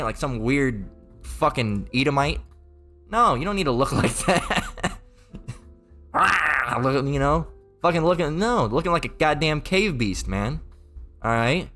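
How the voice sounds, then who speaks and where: A man's voice: mid-range voice, sharp tone. A man preaching in a profane, rambling rant, mocking and crude, with many repeats and stumbling restarts.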